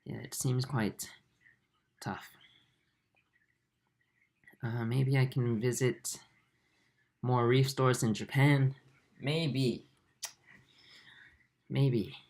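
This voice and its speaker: A man in his twenties hosting a livestream, reading viewer comments aloud in a soft, halting way with many fillers. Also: mid-range voice, fairly even intonation. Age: 20s. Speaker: aquarium channel host.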